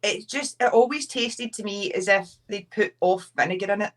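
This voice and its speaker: Young Scottish woman, wrestler guest, lively anecdotes acted out. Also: medium pitch, normal speed. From Scotland. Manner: chatty storyteller, acts out quotes. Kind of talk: casual podcast chat.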